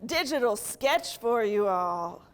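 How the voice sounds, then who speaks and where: A woman hosts a comedy show, playful and giggly as she tells a story. Her voice is high, and she takes her time with every line. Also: sing-song, takes it slowly, very noisy. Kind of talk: stand-up storytelling to a live audience.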